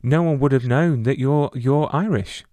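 A man's voice: mid-range voice, normal speed, dark tone, no room sound. A man hosting an interview, asking questions while often stumbling and repeating words. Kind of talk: casual interview chat.

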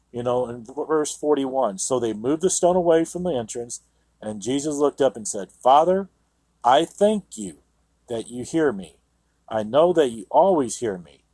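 Husky-voiced man preaching on radio. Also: mid-range voice, warm tone, dry recording. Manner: earnest, emphatic, with frequent "you know". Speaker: radio show host and Bible teacher. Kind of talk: Bible reading with sermon commentary.

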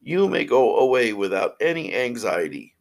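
A man's voice: mid-range voice, sing-song, moderate pace, gravelly, pitched above the performer's own voice. A man voicing a group of little goat kids in a fairy tale, speaking defiantly.

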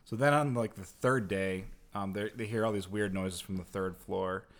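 A man's voice: fairly low pitch, steady tone, normal speed. A man casually retelling a story to a co-host, rambling with lots of fillers. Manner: rambling, heavy use of "like". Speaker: podcast co-host.

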